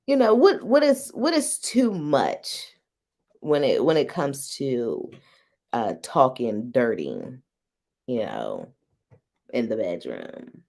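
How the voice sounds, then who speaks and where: Slow, animated woman hosting a frank chat. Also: a bass voice, vocal fry. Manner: laughs often between phrases; frank, playful, teasing. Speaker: host. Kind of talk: casual live-stream chat.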